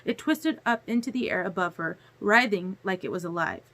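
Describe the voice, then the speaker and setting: A woman narrating a novel chapter aloud in a steady storytelling manner. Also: mid-range voice, moderate pace. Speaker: audiobook reader. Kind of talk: audiobook narration.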